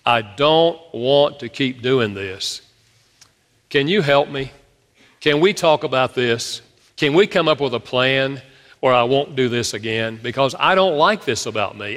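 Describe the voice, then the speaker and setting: A man preaching a sermon to his congregation, telling stories from his own marriage in a lively storytelling manner. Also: mid-range voice. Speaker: pastor. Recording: long reverb of a large hall.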